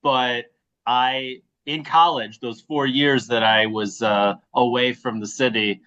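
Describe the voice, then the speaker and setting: A playwright from the Chicago area with a Midwestern accent, introducing himself casually in a hesitant, self-deprecating way. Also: male voice, medium pitch, fairly even intonation, slow, pushed and bright. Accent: Midwestern American. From Chicago area, USA. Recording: dull lo-fi audio.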